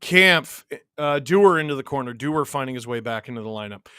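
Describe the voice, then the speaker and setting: A man from Canada hosting a live hockey watch-along, mixing excited play-by-play with reading chat messages and shouting on big plays. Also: mid-range voice, a little fast, clear, resonant tone, no room sound, clean studio sound. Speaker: livestream host watching a hockey game.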